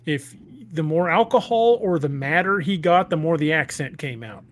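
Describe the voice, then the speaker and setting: A man's voice: a little high, lively intonation, normal speed. A man hosting a podcast, chatting enthusiastically and explaining at length. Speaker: podcast host and author. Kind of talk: casual chat.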